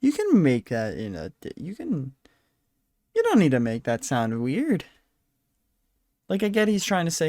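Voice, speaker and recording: A man's voice: fairly high pitch, huge pitch swings, unhurried, long pauses, a little mellow, dry recording, studio quality. Tired rambling man podcasting solo. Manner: rambling, self-deprecating, apologetic. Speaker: podcast host. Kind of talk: casual solo podcast chat. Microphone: handheld microphone at a desk.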